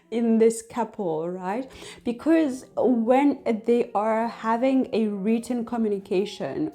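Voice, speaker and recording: A woman hosting an astrology talk, explaining in a casual, chatty way with many fillers. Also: mid-range voice. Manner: chatty, many fillers, acts out whispered and shouted examples. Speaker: astrology channel host.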